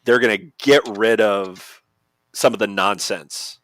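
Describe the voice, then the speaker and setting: A man's voice: on the low side, measured pace, fairly bright tone, no room sound. A man co-hosting a podcast who talks through game rules in a casual, methodical way with plenty of fillers. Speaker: podcast co-host. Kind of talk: casual explanatory chat.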